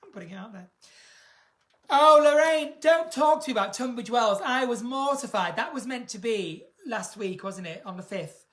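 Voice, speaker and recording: A British woman chatting camply on a live stream from home, reading out viewer comments with big theatrical swings in pitch and loudness. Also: expressive, normal speed. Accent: British English. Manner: camp, theatrical, reads viewer comments aloud. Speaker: singer hosting a live stream.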